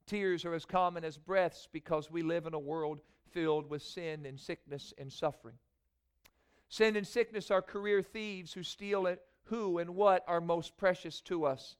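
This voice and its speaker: A man preaching a sermon in a church, moving from quiet prayer into rising, emphatic preaching. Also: on the high side, normal speed, smooth. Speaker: pastor. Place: church sanctuary.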